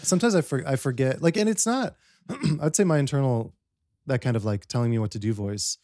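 A man talking casually as a podcast guest, rambling and animating his stories with quick retold dialogue. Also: mid-range voice, no echo, clean studio sound. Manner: fast, rambling, animated retellings. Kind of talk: casual conversation.

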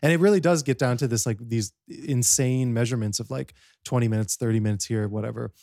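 Fast-talking gravelly man, dry close mic. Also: mid-range voice, no echo. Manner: fast, rambling, animated retellings. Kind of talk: casual conversation.

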